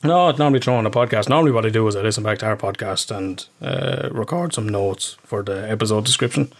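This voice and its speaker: A man's voice: on the low side, fast talker, vocal fry. A middle-aged Irish man co-hosting a casual podcast, talking over a remote call, rambling, swearing often and laughing a lot. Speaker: podcast co-host.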